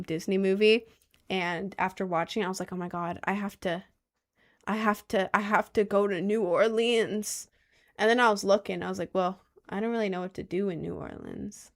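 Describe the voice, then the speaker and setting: A young woman hosting a casual livestream, answering her chat in a rambling, giggly way and often repeating herself. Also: mid-range voice. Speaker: livestream host reading chat.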